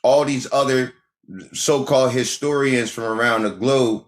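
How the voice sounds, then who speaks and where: A man's voice: medium pitch, steady tone, measured pace. A man hosting a casual livestream monologue, talking emphatically, repeating phrases and firing rhetorical questions at the chat. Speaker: livestream host. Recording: echoey room sound.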